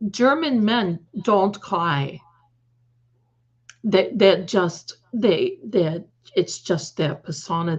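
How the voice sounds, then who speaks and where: Woman rambling on a live stream, slow and emphatic, keeps restarting, muffled lo-fi audio. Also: mid-range voice. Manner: rambling, emphatic, frequent self-corrections. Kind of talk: casual live-stream commentary.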